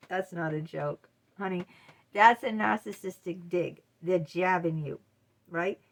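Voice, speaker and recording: A woman's voice: lowish voice, unhurried, vocal fry. A middle-aged woman talking straight to her viewers in a casual advice monologue, blunt and emphatic. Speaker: vlogger.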